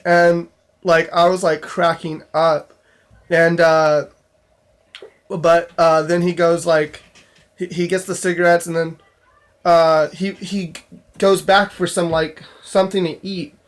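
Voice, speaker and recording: A man's voice: a little high, flat delivery, slow pace, long pauses. A young man casually telling a story from his job in a vlog, rambling with lots of fillers and restarts. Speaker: store clerk telling a work story.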